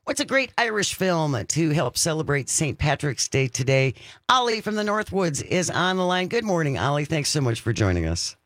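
Talk radio host guy, bit high voice, chatty, slows down reading the phone number, dry close mic. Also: very animated, a bit bright, no room sound. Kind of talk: casual call-in radio chat.

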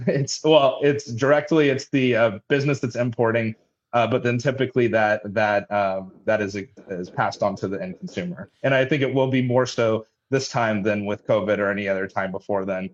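Male business guest, halting delivery, fairly low voice, dull lo-fi audio. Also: steady tone. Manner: halting, many restarts and fillers. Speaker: logistics company head, guest. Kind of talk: radio interview answers. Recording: dull lo-fi line.

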